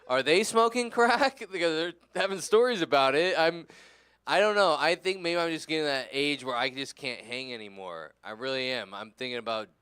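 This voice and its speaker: A man's voice: mid-range voice, a little fast, fairly bright tone, clean tone, no echo. A tired, tipsy man from California doing a rambling, crude, self-deprecating stand-up set. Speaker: stand-up comedian.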